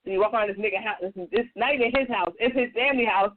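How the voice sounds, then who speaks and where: A woman on a radio talk show telling a personal story in a casual, profane, animated way. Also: rapid-fire. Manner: animated, profane, acts out quotes in a higher voice. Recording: tinny phone-like radio audio.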